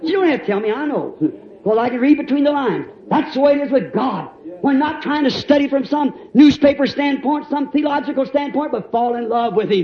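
Man, preacher, very high voice, folksy sermon, laughing, echoey hall. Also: lively intonation, fairly quick. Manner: folksy storytelling, laughing, rising to shouts. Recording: dull, roomy old church recording.

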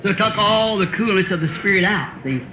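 A man in his fifties preaches in a folksy, chuckling manner, throwing out questions to his congregation. His voice sits very high and swings widely. The recording is muffled and roomy, like an old tape made in a church hall. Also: expressive, brisk, a little hiss or hum. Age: 50s. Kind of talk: sermon.

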